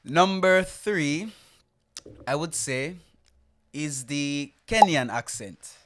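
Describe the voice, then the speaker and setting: Laid-back jamaican guy on a podcast, slightly higher voice, laughs a lot. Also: animated, drawn-out words, a bit bright. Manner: easygoing, laughs often, thoughtful. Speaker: podcast co-host. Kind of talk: casual chat.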